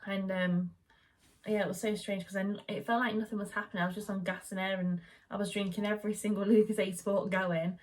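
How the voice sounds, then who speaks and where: A woman's voice: mid-range voice, little pitch movement, fairly quick. A young woman telling a long personal story in a chatty, rambling way, full of fillers and restarts. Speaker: vlogger. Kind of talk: casual chat.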